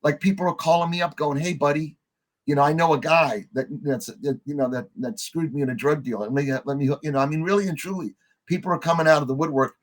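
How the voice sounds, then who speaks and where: A man, a podcast guest, telling long stories in a relaxed conversational way and acting out the other people's lines himself. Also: a little high, quick pace. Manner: animated storyteller acting out quoted voices. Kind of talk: conversational storytelling.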